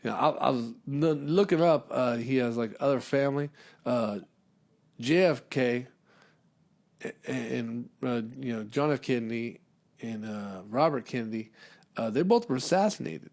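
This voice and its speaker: A man's voice: mid-range voice, normal speed, a little mellow. A man hosting a comedy podcast, rambling through a casual monologue full of fillers and swearing. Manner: rambling, profane, many fillers.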